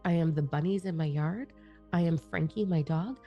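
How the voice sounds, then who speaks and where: A woman's voice: low-pitched, normal speed, lo-fi sound, faint music behind. A middle-aged woman, a spiritual teacher and channeler, talking in a blunt, profane, fired-up monologue.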